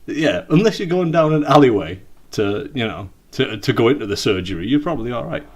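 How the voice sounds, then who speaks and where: A man's voice: mid-range voice, very animated, brisk. Rambling man on a call. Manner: dry, rambling, laughs often, swears freely. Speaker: podcast co-host. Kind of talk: casual banter. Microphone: Skype call.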